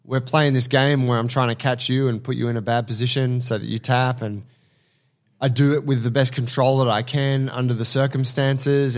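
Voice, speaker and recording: A man, co-hosting a casual podcast in a relaxed, hesitant way. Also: mid-range voice. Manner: relaxed, hesitant, with many restarts and fillers. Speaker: podcast co-host.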